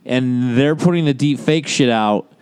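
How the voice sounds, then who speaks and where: Casting: male podcast co-host, smooth clear voice, dry sound, profane ranter. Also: mid-range voice, darkish tone, no echo. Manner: ranting, swears a lot, drawn-out emphasis. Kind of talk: casual profane chat.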